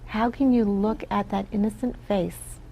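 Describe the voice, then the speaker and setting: A woman's voice: mid-range voice, fairly even intonation, normal speed, dark tone, a little hiss or hum, poor audio. A woman from the Philippines, a guest on a talk show, telling stories in an earnest way and often asking "right?". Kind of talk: casual interview talk.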